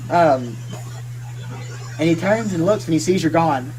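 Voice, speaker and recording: A man narrating a tabletop game as game master, halting and full of restarts. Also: fairly high pitch, lively intonation, background noise. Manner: halting, many fillers and restarts.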